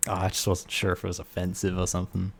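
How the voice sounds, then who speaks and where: A man co-hosting a podcast, telling jokes in casual chat, animated and swearing. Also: low voice, fast talker, creaky, breathy edge. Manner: animated storyteller, swearing, laughs at his own jokes. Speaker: podcast co-host.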